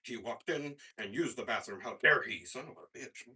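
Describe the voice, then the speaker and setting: A man performing a stand-up comedy set on a club stage, with a profane, halting delivery full of fillers. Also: mid-range voice, lively intonation, pushed and bright, husky. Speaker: stand-up comic. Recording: stage mic heard from afar.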